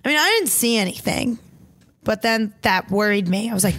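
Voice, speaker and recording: A jokey woman chats on a casual talk show and laughs often between her lines. Her voice sits a bit higher than most women's. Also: expressive, fairly quick, a bit bright, a little hiss or hum. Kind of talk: casual chat.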